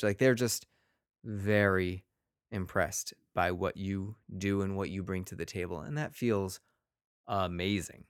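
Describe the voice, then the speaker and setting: A man with a lowish, smooth, resonant voice hosts his own podcast as a teacher. He talks in a loose, rambling way, pokes fun at himself and acts out quick quotes from his students. The sound is close and dry, with no room around it. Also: steady tone, no room sound. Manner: rambling, self-deprecating, plays kids' voices in quotes. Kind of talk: casual podcast monologue.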